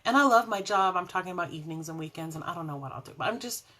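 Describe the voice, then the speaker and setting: A woman hosting a casual faith vlog from home, chatting warmly and rambling into tangents with frequent laughs. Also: fairly low pitch, animated, very fast. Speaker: faith vlogger and show host. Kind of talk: casual devotional chat to camera.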